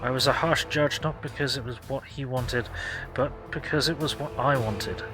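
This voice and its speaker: A man's voice: mid-range voice, moderate pace, over music, close to an everyday voice, rough recording. A man voicing a zealous, imperious woman who rules as a harsh judge, reading her lines aloud from a game. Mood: contrite. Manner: proclaiming, commanding.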